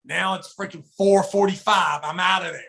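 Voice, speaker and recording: A podcast co-host with a high-sitting, gravelly male voice tells a story at a normal speed during casual chat. He's a profane, animated storyteller who swears freely and acts out what people said.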